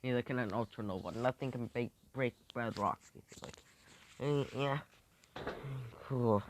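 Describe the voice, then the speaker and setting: A young man making up a fan story as he goes, rambling and halting, slipping into quick voices for the characters. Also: mid-range voice, noisy background. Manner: rambling, halting, with many restarts and fillers. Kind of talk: improvised fan-fiction storytelling.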